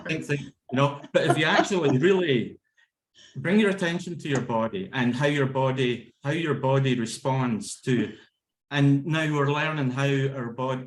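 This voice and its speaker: Man, laughter yoga instructor, energetic, chanting and laughing, keeps saying okay, video call, echoey room sound. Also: medium pitch. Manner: keeps checking in with "okay?" and "yeah?". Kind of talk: instructional talk with demonstrations. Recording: roomy echo on a video call.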